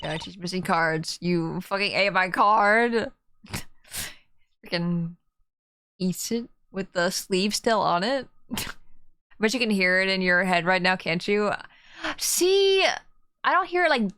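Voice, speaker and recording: A woman's voice: mid-range voice, animated, measured pace, long pauses, sharp tone, smooth, dry recording. A young woman streaming a game, chatting casually and laughing as she talks to her viewers. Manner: chatty, laughing, swearing, talking to chat.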